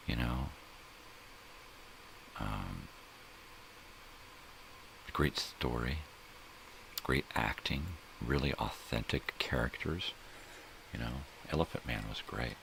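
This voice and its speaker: A man's voice: very deep voice, creaky, background noise. A middle-aged man hosting a casual solo morning stream. He rambles, jokes and swears, and often trails off while he searches for names. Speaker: host. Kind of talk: casual solo livestream chat.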